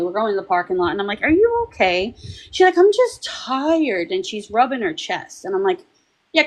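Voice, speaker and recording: Animated chatty woman telling a story. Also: medium pitch, rough recording. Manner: animated, chatty, acts out quoted voices. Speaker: paranormal panel participant. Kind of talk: casual storytelling.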